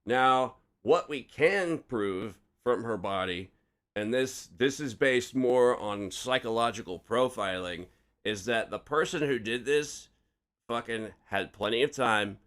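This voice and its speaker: A man's voice: medium pitch, measured pace, fairly bright tone. A man hosting a casual true-crime podcast chat, rambling, swearing freely and correcting himself as he goes. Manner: rambling, profane, self-correcting. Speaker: podcast host.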